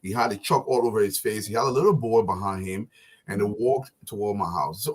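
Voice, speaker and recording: A man hosting a live talk show, telling animated stories and laughing often. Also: on the low side, fast, slightly rough. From Liberia.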